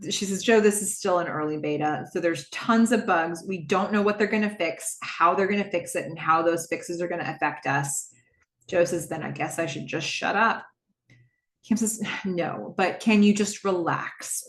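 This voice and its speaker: A woman hosting a podcast, casually recapping a TV episode and acting out the characters' lines in lively asides. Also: fairly low pitch, moderate pace, echoey room. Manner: animated, acts out dialogue in quoted asides.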